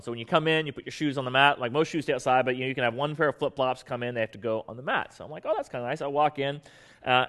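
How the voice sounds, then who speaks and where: A man's voice: mid-range voice, a bit bright, big-room sound. A man preaching a sermon and telling a funny personal story in a conversational, self-mocking way with many fillers. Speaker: pastor.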